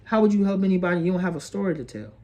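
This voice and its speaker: A man's voice: high-pitched, animated, racing, a little mellow, dull audio. A man hosting an astrology video, earnest and preachy, repeating phrases and calling the listener bro and sis. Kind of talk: motivational astrology monologue.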